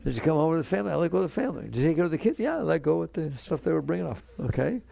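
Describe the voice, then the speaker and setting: A spiritual teacher speaks to an audience in an earnest, conversational way, coaxing listeners along. His voice is a little high, very animated and racing, with vocal fry and a dark tone, recorded with no room sound.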